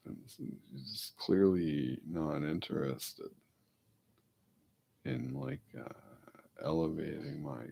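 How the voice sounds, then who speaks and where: A man's voice: extremely low pitch, vocal fry, darkish tone. A man vlogging casually to camera, rambling off-the-cuff and drifting into mumbled asides. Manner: rambling, talks to his dog in a coaxing voice.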